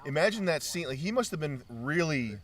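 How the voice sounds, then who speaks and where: A man's voice: fairly high pitch, lively intonation, brisk, recorded from a distance. Blunt, chatty man off-mic. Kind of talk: casual chat.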